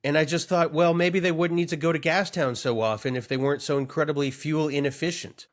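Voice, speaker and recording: A man's voice: fairly high pitch, fairly even intonation, fairly quick, few pauses. Man riffing in mock-earnest comedy chat. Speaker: podcast co-host.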